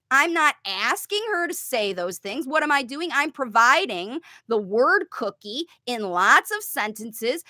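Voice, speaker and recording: Lively high-voiced woman coaching parents. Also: dry recording, studio quality. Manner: emphatic, demonstrates sing-song parent talk. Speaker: parent coach, speech facilitation. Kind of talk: direct-to-camera teaching, answering viewer questions.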